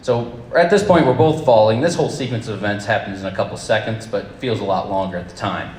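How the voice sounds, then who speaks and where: A man telling a personal story live to an audience, with wry, deadpan humor and casual swearing. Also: lowish voice, quick pace, reverberant, slight background noise. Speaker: storyteller at a campfire event.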